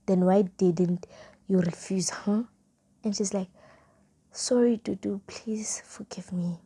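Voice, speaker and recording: Speaking slowly in a steady, mid-range voice with a slight roughness, a young South African woman narrates a storytime vlog. She reads old chats aloud softly, almost whispering, in her South African accent.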